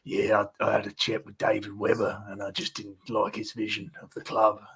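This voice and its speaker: A man putting on an Australian accent to play a gruff, blunt middle-aged football manager on a podcast. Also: fairly low pitch, a little fast, heavily acted. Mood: dismissive. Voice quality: gravelly, flat, raspy. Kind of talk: impression on a podcast.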